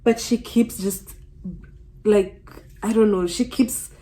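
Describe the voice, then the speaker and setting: A young woman and student vlogger, telling an earnest, animated story in casual chat while getting ready. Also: medium pitch, slow. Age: young adult.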